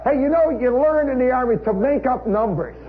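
A man's voice: extremely high pitch, animated, fairly quick. An American man telling a humorous story in a wry, conversational way, full of asides, on a live radio show. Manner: wry, conversational, with frequent "you know" asides. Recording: tinny 1960s radio broadcast recording, faint hiss.

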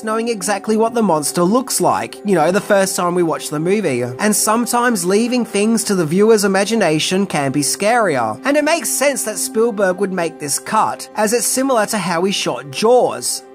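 A video essay narrator giving casual film commentary with wry, conversational asides. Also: medium pitch.

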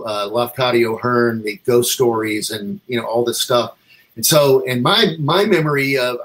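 A man's voice: medium pitch, low-quality recording. A man telling a long, rambling story in a casual interview, acting out what other people said to him. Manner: rambling, animated, acts out quoted dialogue. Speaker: comic artist guest.

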